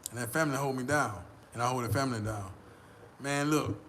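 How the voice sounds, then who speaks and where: An American man vlogging, telling a boastful, profane story in a casual, animated way. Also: mid-range voice, a little fast.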